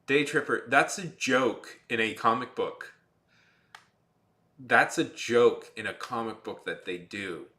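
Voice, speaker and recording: A man chatting to his stream viewers as he draws, wandering from thought to thought with plenty of "like" and "um". His voice sits at an ordinary pitch but sounds very bright, and his jokes come out dry and sarcastic. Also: slow pace. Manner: rambling, filler-heavy, dryly sarcastic. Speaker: artist livestreaming while drawing. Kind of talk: casual livestream chat to viewers.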